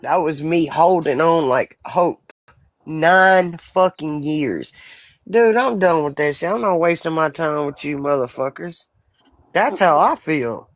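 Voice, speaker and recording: A woman's voice: low-pitched, unhurried, no room sound. A woman in her forties chatting bluntly and profanely on a live stream. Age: 40s. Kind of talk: casual live stream chat.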